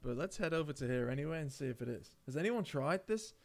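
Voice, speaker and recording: A man's voice: fairly high pitch, expressive, quick pace. A man casually commentating his own game play on a live stream, chatting with viewers and calling them mate. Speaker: gaming streamer.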